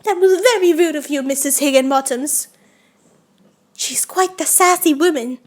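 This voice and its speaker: A woman's voice: high voice, normal speed, natural voice. A woman voicing a sweet little girl who hosts a pretend tea party in an audio role-play, talking earnestly with childlike put-on fancy manners. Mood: scolding. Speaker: voice actor.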